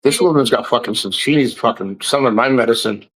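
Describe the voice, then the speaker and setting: A man's voice: mid-range voice, a little fast, fairly bright tone, husky, rough recording. Man, livestream host, casual chat, rambling, profane, jokey.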